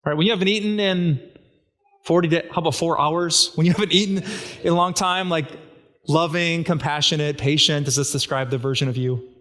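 A man's voice: a little high, fairly even intonation, fairly quick, fairly bright tone. A man preaching a sermon as a pastor, talking in a casual, conversational way and asking his listeners rhetorical questions.

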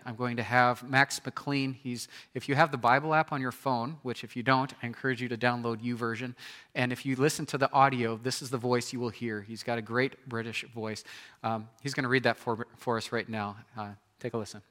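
A man delivering a sermon, earnest and full of searching questions. His voice is bright and forward, at a middle pitch. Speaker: pastor.

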